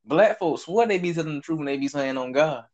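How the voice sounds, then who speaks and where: A man with a Southern US accent telling a story in casual chat, animated and profane, acting out what people said. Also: fairly high pitch, brisk, highs cut off. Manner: animated, profane, acts out quotes. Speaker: storyteller host.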